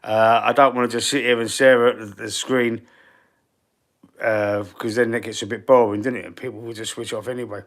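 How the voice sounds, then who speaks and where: A Cockney man from East London answers viewer questions on a live stream, his breathing husky and wheezy throughout. He talks bluntly and casually, with plenty of slang, and his voice sits at an ordinary middle pitch for a man. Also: level tone, brisk, a bit bright. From East London, England. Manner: blunt, slangy and chatty, calling viewers bro and mate. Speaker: fan channel live streamer.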